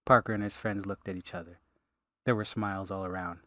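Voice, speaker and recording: A man, the author, reading his fantasy audiobook in steady, measured narration. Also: deep voice, no echo. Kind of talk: scripted narration.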